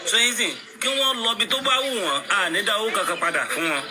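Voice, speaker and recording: A man's voice: high-pitched, sing-song, fast. A man explaining insistently. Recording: crowd noise behind.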